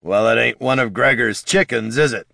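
A man voicing a gruff, practical old fisherman in a storybook reading, speaking in a low growl. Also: expressive, fairly quick, sharp tone, no room sound, clean studio sound, far from the mic, exaggerated voice. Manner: growling, plain-spoken.

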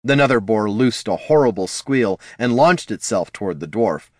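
A man narrating a fantasy audiobook in a measured storytelling manner. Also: fairly low pitch, lively intonation, darkish tone, no room sound, studio quality. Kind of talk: scripted narration.

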